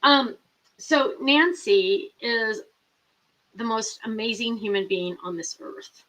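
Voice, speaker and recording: Chatty middle-aged woman host, bright voice, rambling live-chat delivery. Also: fairly high pitch, lively intonation, takes it slowly, poor audio. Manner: chatty, rambling, reads viewer comments aloud.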